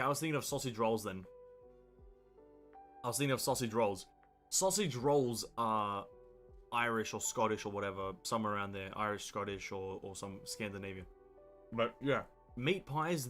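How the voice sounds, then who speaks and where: A man's voice: medium pitch, a bit bright. Blunt Australian man, casual streamer. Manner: blunt, profane, opinionated rambling. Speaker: game streamer. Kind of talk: casual live-stream chat.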